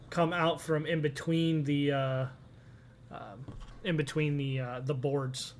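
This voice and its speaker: A man's voice: fairly high pitch, slow, pauses often. A young man narrating a tabletop game as game master, casual and rambling with many fillers.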